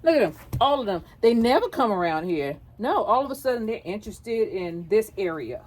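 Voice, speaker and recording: This homesteader's mid-range voice is very animated and brisk, with a somewhat dark tone and a bit of background noise. She's filming a casual outdoor vlog at her backyard coop, joking with her hens and talking to them as if they were her kids.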